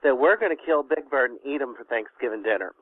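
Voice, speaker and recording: A man's voice: mid-range voice, animated, quick pace, no echo. A man with a Kentucky Southern accent calling in to a talk show and telling a rambling, folksy story. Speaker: caller. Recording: dry, tinny phone line.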